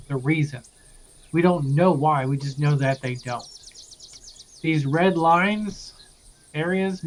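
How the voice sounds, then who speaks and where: A young man recapping a tabletop campaign as game master, loose and rambling with many pauses. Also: on the high side.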